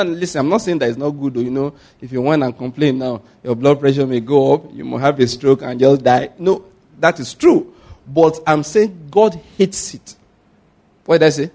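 With a medium-pitched voice, a man preaches as pastor, telling animated stories. He quizzes his congregation using call-and-response questions.

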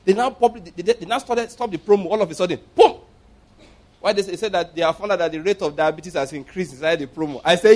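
A male pastor delivers a sermon in a notably high voice. He is emphatic and drives his points home by repeating phrases and asking rhetorical questions. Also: quick pace, darkish tone.

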